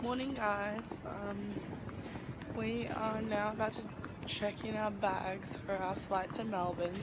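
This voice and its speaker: A young woman chatting casually to camera in a vlog, giggly and jokey, full of fangirl excitement. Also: medium pitch, takes it slowly, heavy background noise. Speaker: vlogger.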